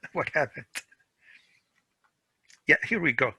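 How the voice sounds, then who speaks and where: A man teaching a weekend school class, drilling word pronunciation slowly and repeating each word to his students. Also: on the high side, very animated, bright, forceful tone, husky, no room sound, poor audio. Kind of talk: classroom grammar lesson.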